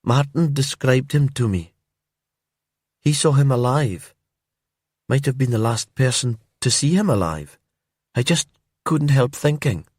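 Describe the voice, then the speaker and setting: A man voicing a brooding older woman from a remote island in a calm storybook crime tale, speaking softly and hesitantly in a lifted voice. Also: mid-range voice, unhurried, long pauses, breathy edge, no echo, studio quality, pitched above the performer's own voice. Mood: probing.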